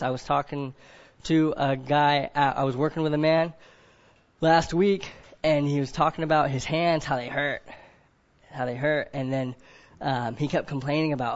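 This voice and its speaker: A man's voice: a little high, flat delivery, moderate pace, muffled recording. A man preaching a sermon to a group of men. He keeps asking them questions, often adds "right?", and acts out other people in quoted voices.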